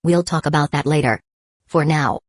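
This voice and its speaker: A woman voicing a calm, wry male guild mage in an audiobook. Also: sits low, moderate pace, no room sound, clean studio sound.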